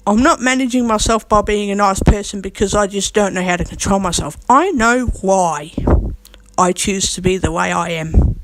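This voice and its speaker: A woman's voice: medium pitch, normal speed, no echo. A woman vlogging to camera, talking bluntly and defiantly and hammering the same points again and again. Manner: defiant, emphatic, repeats her points; blunt, with coarse language. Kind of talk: unscripted talk to camera.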